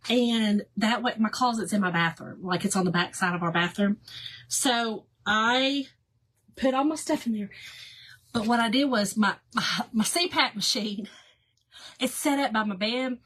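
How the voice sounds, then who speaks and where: Chatty woman vlogger, slightly high voice. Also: a little slow. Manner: chatty and animated, laughs often, calls viewers "y'all" and "girl". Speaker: livestream host doing a craft project. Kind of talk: casual chat with live viewers while crafting.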